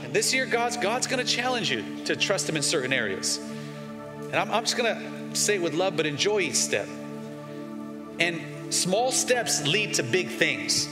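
A pastor in his forties preaches to his congregation in a large church sanctuary with emphatic call-and-response, his high voice very animated yet unhurried. Long hall reverb surrounds him, with faint music underneath.

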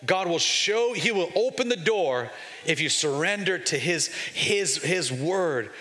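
A man's voice: fairly high pitch, expressive, a little slow, bright, forceful tone. A man in his forties, a pastor preaching to his congregation with emphatic call-and-response. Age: 40s. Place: large church sanctuary. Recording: long hall reverb, faint music underneath.

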